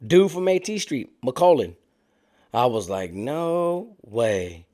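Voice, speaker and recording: A man's voice: mid-range voice, big pitch swings, measured pace, warm tone. A man casually telling a story in street slang, animating it by acting out what other people said. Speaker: storyteller recounting prison life.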